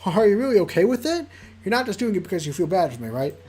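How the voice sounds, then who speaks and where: Streamer doing a sweet shy girl coworker, soft and hesitant, bouncy lively pitch. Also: quick pace, close to an everyday voice. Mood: gentle. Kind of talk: reading a visual novel aloud.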